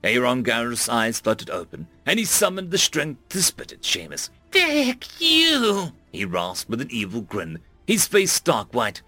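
A man narrating an audiobook with a dramatic, expressive reading. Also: mid-range voice, normal speed, hardly any pauses, soft background music.

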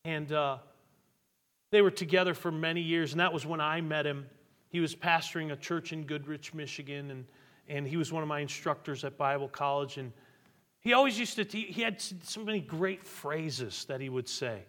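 Higher-voiced pastor preaching in a reverberant hall. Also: male voice, normal speed. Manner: animated storytelling, voice rising and dropping with the story. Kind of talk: sermon.

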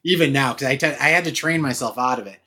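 A man with a Boston accent, trading animated stories and laughs in a casual podcast chat. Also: medium pitch, quick pace, husky. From Massachusetts. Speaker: actor and podcast talker.

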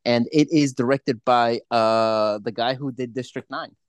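A man's voice: mid-range voice, fairly even intonation, a little slow, clear, resonant tone, no echo. Casual male podcast co-host, mid voice, rambly and profane, dry close sound. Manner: rambling, swears a lot, many restarts. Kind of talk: casual chat.

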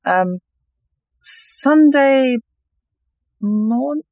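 Brief: Australian-accented player, rambling excitement, dry close audio. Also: high voice, drawn-out words, no echo. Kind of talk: casual chat.

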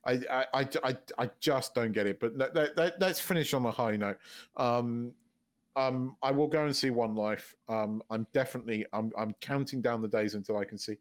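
A man co-hosting a podcast in casual chat, talking in an animated, sweary way and laughing often. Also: medium pitch, moderate pace. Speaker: podcast co-host.

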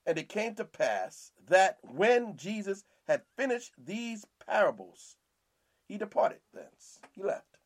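Guy with a high voice preaching through the bible line by line, keeps repeating stuff and asking amen. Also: a little mellow, breathy edge. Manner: repeats phrases, asks "Amen?" often. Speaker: Bible teacher and podcast host. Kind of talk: verse-by-verse preaching.

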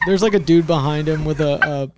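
A man co-hosting a comedy chat, riffing fast with lots of "like" and quick impressions. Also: on the high side, very noisy. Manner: riffs fast with filler "like", does quick impressions. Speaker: podcast co-host.

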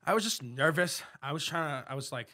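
A man's voice: a little high, expressive, fairly quick, pushed and bright. A young man in casual podcast chat, telling rambling stories with many restarts. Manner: rambling storyteller, many restarts and quoted voices. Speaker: podcast co-host.

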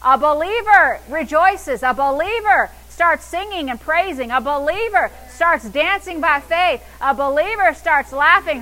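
A woman's voice: extremely high pitch, normal speed, hardly any pauses, bright, forceful tone, low-quality recording. A woman pastor preaching an exuberant sermon, with bursts of laughter and call-and-response.

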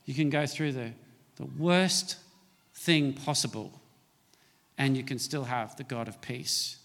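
A man's voice: mid-range voice, fairly even intonation, slow pace, vocal fry, fairly bright tone, big-room sound. A man preaching a sermon as a pastor, pressing his points with emphatic, rising delivery.

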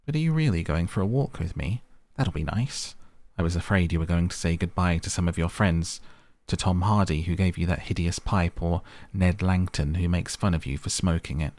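A man's voice: low voice, moderate pace, darkish tone, no echo, close to an everyday voice. A man reading the part of an eager, lovestruck young actress, pleading and breathless.

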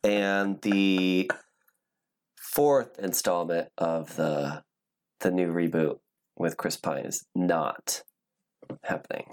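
A man's voice: low voice, slow, pauses often. A man hosting a podcast, chatting casually and loosely about news, swearing now and then. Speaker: podcast host.

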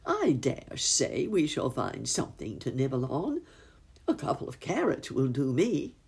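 A woman playing a kindly old bunny gentleman, cheerful and gentle in a storybook. His voice is low and gravelly, with a husky grain. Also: huge pitch swings, unhurried, exaggerated voice.

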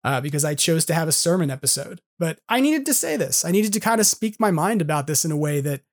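A man's voice: a little high, expressive, fast talker. A man in his forties hosting a podcast, delivering an earnest, frustrated solo monologue full of casual fillers. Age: 40s. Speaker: podcast host.

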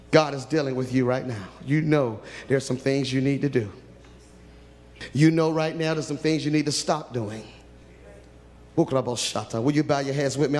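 A man preaching a sermon who swings from hushed pleading to loud cries, prays aloud and tells stories from his ministry. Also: mid-range voice, in a large hall.

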